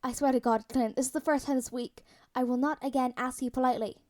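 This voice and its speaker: A playful grown man who teases the others, as a woman reads him. The voice is mellow and set dry and close. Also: high voice, fairly even intonation, fast, dry recording, lightly acted. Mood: teasing. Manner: playful teasing. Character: Sam, teasing adult man.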